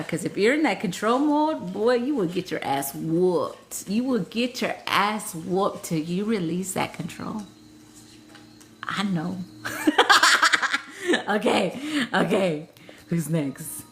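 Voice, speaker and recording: A woman's voice: lowish voice, animated, slow pace. A woman spiritual healer hosting a casual live session, talking bluntly with frequent swearing and laughter. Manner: blunt, profane, laughs often, reads chat comments aloud. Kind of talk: casual live-stream chat.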